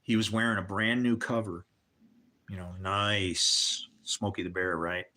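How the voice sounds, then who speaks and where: A man's voice: deep voice, steady tone, unhurried, sharp tone. An older man telling candid personal stories on a livestream, swearing and adding religious asides. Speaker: livestream host. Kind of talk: rambling personal storytelling.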